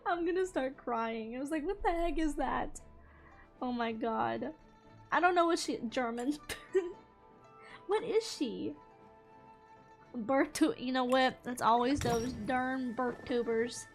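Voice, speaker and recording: A young woman streamer chatting casually over gameplay, bubbly and giggly, talking to her viewers. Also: sits high. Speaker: gaming streamer.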